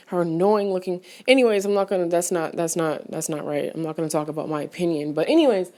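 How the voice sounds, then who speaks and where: A woman's voice: lowish voice, a little fast, mellow. Woman rambling through a chatty film review. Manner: chatty and rambling, full of fillers and restarts, with sudden outraged exclamations; paces back and forth while talking. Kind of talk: casual rambling movie review.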